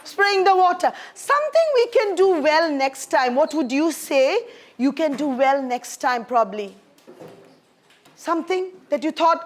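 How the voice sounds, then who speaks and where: A woman teaching a primary school science lesson in a classroom. Her voice sits high and she keeps the children on task, praising them warmly and calling them darling. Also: lively intonation, moderate pace. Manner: encouraging, calls pupils darling.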